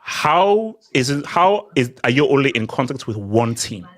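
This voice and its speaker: A man hosting a casual group chat, animated and quick to cut in with strings of repeated words. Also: medium pitch. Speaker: podcast host.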